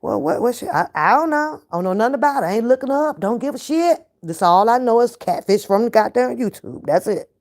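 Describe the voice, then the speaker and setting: A woman's voice: on the high side, animated, quick pace, few pauses, a little mellow, voice pushed up. A woman voicing her exasperated husband, sputtering incredulous questions and cussing. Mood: flustered.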